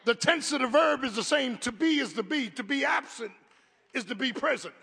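A man preaching a sermon as pastor, with call-and-response lines, swinging from quiet talk to shouted peaks. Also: very high voice, normal speed, creaky, husky, long reverb tail.

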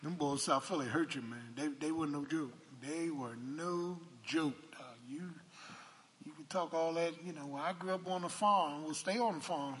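An older man preaching a sermon from the pulpit, calling for a witness and swinging from hushed asides to shouts. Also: a little high, normal speed, some chatter behind, a little hiss or hum. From Philadelphia. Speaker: pastor. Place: church sanctuary. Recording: church hall reverb.

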